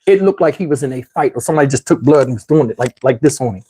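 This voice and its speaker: A man telling a wild personal story in a casual, animated, slangy way, swearing freely. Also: medium pitch, rapid-fire, slightly rough.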